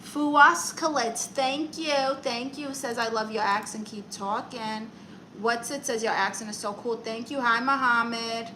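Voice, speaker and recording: This comedic livestream host, a woman with a bright and fairly high voice, plays around with her audience, reading comments out and answering them mock-seriously. Her intonation is fairly even and her pace measured, and the close-miked audio is poor, with faint room ambience humming behind.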